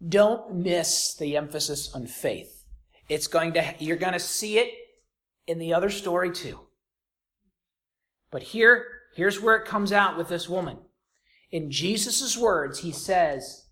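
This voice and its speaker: A preacher delivering a sermon, swinging between raised, emphatic lines and hushed, near-whispered ones, and repeating key phrases for emphasis. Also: medium pitch, slow, pauses often.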